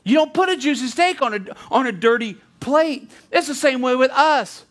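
A man with an unusually high-pitched voice delivers a sermon as a pastor. He preaches in a loose, chatty way, breaking off into asides and restarting his sentences. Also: moderate pace, a bit bright.

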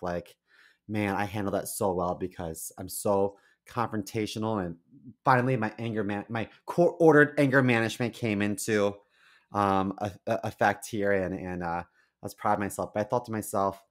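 A man co-hosting a podcast, telling stories in a casual chat, animated, blunt and crude. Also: lowish voice. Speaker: podcast co-host.

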